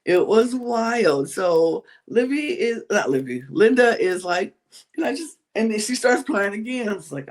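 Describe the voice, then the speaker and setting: A man's voice: high-pitched, unhurried. A man co-hosting a podcast in a casual chat, retelling events with lots of "like" and "you know". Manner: animated retelling, acting out other people's lines; frequent fillers like "like" and "you know". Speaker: podcast co-host recapping a reality show.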